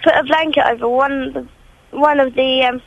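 Hesitant, high-voiced woman caller. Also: fairly even intonation, a little fast. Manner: hesitant, lots of ums. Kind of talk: phone-in chat. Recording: dull lo-fi phone line.

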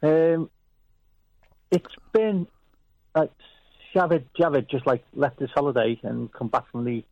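A man's voice: fairly high pitch, unhurried, pauses often, dry recording. A man calling in to a radio show, talking hesitantly with many fillers. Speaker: caller. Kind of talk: phone-in chat. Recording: dull lo-fi phone line.

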